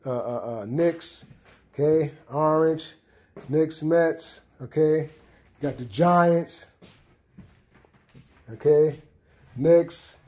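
A middle-aged man giving a casual tour of his apartment, often checking in with "okay?". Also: a little high. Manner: relaxed, repeats "okay?" often. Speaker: home tour vlogger. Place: apartment room indoors.

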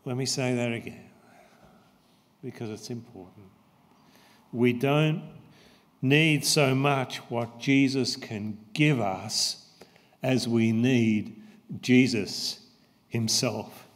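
A man preaching a sermon as pastor, slow and emphatic, repeating his key phrases. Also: mid-range voice. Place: church. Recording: long church reverb.

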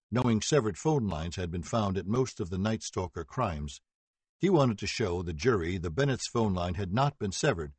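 A man reading a true-crime audiobook as narrator, steady and even, voicing quoted dialogue lightly. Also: on the low side, breathy edge, dry recording. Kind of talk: scripted narration.

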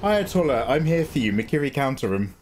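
A man's voice: medium pitch, very animated, fairly quick, darkish tone, slightly rough. A man doing live gameplay commentary as a streamer, joking with and teasing back at his viewers.

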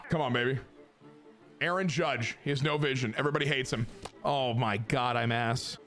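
A young man streaming a baseball video game, joking, swearing and shouting at big plays over game music. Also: mid-range voice, moderate pace. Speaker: gaming streamer. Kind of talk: excited video game commentary. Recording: game music playing behind.

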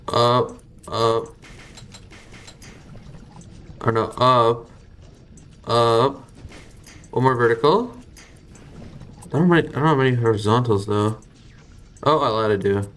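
A young man giving live gameplay commentary as a streamer, excitable, swearing and thinking out loud as he plays. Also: mid-range voice, slow, pauses often, clear, resonant tone.

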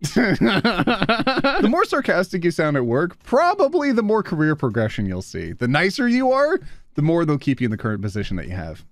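A woman's voice: on the low side, huge pitch swings, normal speed, dry recording. A woman hosting a casual reaction video, laughing often and reacting to clips.

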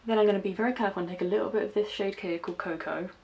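A woman's voice: medium pitch, steady tone, very fast, a little mellow, a little hiss or hum. A young woman from the West Country with a light West Country accent, chatting casually through a makeup tutorial and narrating each step with self-deprecating asides. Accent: West Country English. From West Country, England. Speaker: makeup vlogger.

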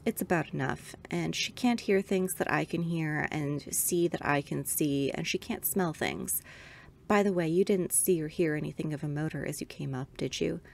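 A woman voicing a curt, uneasy elderly husband who speaks tersely and slowly in a ghost story reading. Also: deep voice, gravelly.

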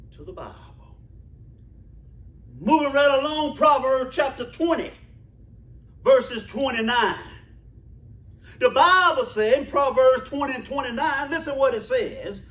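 High-voiced preacher, slow and echoey. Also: male voice, expressive, fairly bright tone. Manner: emphatic rhythmic preaching, repeating phrases. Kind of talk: sermon. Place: church.

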